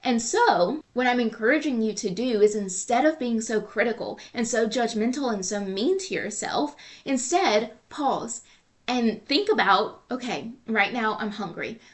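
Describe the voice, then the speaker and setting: Woman, podcast coach, earnest and repetitive, fairly high voice. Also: lively intonation, measured pace. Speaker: podcast host and nutrition coach. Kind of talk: solo podcast advice talk.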